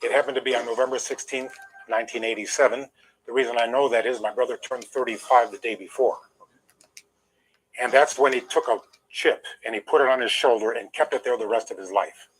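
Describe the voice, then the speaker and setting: Older man, interview guest, emphatic, aggrieved, steady mid pitch. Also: fairly quick, breathy edge, rough recording. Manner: emphatic, aggrieved, holds back emotion. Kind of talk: storytelling in an interview.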